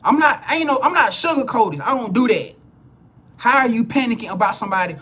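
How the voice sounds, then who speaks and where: A man's voice: extremely high pitch, expressive, fast, bright, forceful tone, slightly rough. A man giving a live spiritual reading to viewers, blunt and preachy, swearing freely and repeating himself as he builds emphasis. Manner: repeats words and restarts phrases when heated. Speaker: spiritual reader.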